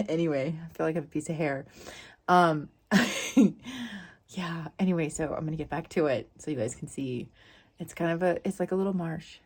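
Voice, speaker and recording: A woman hosting a casual vlog outdoors in a marshy refuge, talking into a handheld camera with giggly, gushing excitement. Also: low voice, moderate pace, breathy edge. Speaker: vlog host. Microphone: handheld camera at arm's length.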